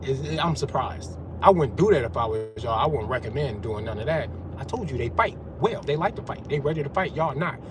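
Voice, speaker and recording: A man's voice: medium pitch, lively intonation, fairly quick, few pauses, noisy background. A man giving a profane, confrontational rant as a vlogger. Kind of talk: ranting monologue.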